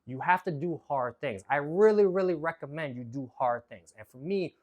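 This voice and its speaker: A man vlogging a candid, animated personal story, swearing freely and acting out his own inner voices. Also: on the high side, normal speed.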